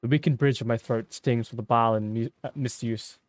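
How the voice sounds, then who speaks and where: A man streaming himself as he reads a story game aloud in a slow, somber, measured voice. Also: mid-range voice, fairly even intonation.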